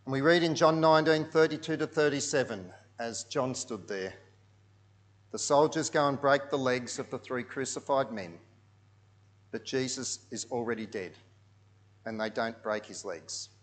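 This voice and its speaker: A man's voice: mid-range voice, normal speed. Man preaching with dramatic swells. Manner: dramatic storytelling, drops to hushed tones and swells loud. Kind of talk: sermon narrated over pictures.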